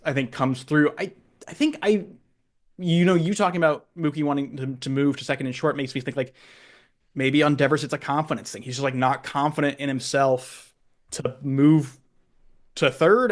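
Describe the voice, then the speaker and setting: A man co-hosting a podcast, chatting casually about sports, talking hesitantly with many restarts and fillers while he thinks aloud. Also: medium pitch. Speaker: podcast co-host.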